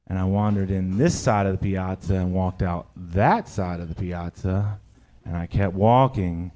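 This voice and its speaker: A man's voice: sits low, darkish tone. A male stand-up comic telling a long, profane story on a club stage. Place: live comedy club with audience.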